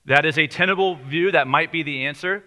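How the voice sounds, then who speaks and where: A man preaching a sermon in a conversational way, slowing down on key lines for emphasis. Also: on the high side, bright, forceful tone. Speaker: pastor.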